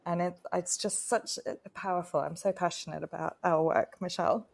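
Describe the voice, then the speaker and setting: A woman's voice: on the low side, fairly even intonation, a little fast, vocal fry. An adult woman co-hosting a casual live-streamed chat, telling a personal story with heartfelt enthusiasm. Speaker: co-host, retreat facilitator.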